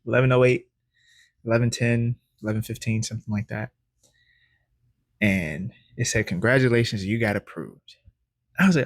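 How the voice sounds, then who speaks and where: A man vlogging his personal story to camera, animated and laughing often as he acts out his past thoughts. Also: fairly low pitch, no room sound, clean studio sound. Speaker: credit educator vlogger.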